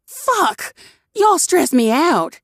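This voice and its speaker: A woman voicing an exasperated, bossy woman who scolds a rowdy crew in a sharp, high, loud voice. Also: lively intonation, moderate pace, no room sound, studio quality.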